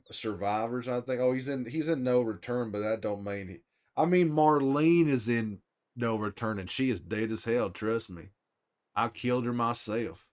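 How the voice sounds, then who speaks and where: A man's voice: fairly low pitch, natural voice. A man playing a weary middle-aged male survivor in character on a livestream, with a put-on drawl and a folksy, chatty way of talking to viewers. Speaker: streamer in character.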